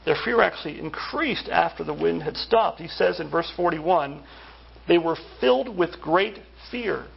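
A man's voice: a little high, expressive, unhurried, creaky, husky, lo-fi sound. A man preaching a sermon in a conversational way, asking his listeners many rhetorical questions. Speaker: pastor.

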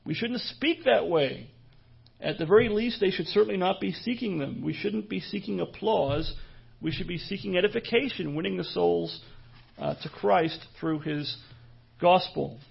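A pastor preaching a sermon in an earnest, measured way, pausing and restarting as he goes. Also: high-pitched, vocal fry, slightly rough, dull audio.

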